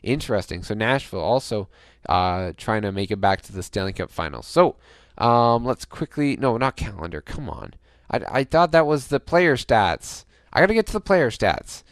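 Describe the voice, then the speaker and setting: Smooth-voiced man giving game commentary. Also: lowish voice, moderate pace, dry recording, studio quality. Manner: chatty, cheers on his team, bursts of excitement; thinks aloud with many fillers and restarts. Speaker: gaming channel host. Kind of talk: casual let's-play commentary.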